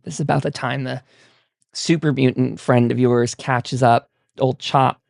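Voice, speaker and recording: Game master, man; easygoing narration, slow delivery, dry close sound. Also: medium pitch, creaky, dry recording. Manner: relaxed, many fillers, laughs while describing.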